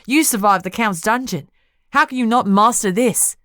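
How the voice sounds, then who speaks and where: Woman doing blunt fierce girlfriend voice, sharp, pushes hard. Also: medium pitch, normal speed, no room sound, studio quality, lightly acted. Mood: scolding. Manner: sharp, scolding, then firmly caring.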